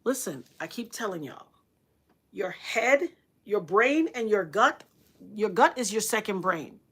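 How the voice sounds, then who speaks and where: A middle-aged woman telling a story on a livestream, earnest and dramatic, repeating phrases for emphasis and acting out what others said in sudden loud, high bursts. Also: expressive, measured pace, husky.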